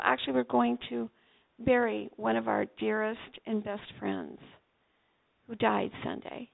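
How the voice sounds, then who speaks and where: An older woman tells her story with gusto, leaping up in pitch as she acts out each exchange. Her voice is fairly high with a heavy gravelly fry. The sound is thin and tinny, like a phone line. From Vermont. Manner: animated storyteller acting out dialogue. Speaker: pastor's wife telling a story. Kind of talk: storytelling testimony.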